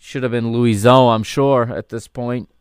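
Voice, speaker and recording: A man's voice: mid-range voice, fairly even intonation, normal speed, clean tone, no room sound, clean studio sound. A man hosting a podcast, giving chatty, easygoing watchalong commentary on an old football match and correcting himself as he goes. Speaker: podcast host.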